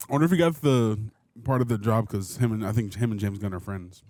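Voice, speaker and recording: A man co-hosting a movie reaction, relaxed and quick to laugh. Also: fairly low pitch. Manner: unhurried, laughing easily. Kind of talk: casual chat over a movie.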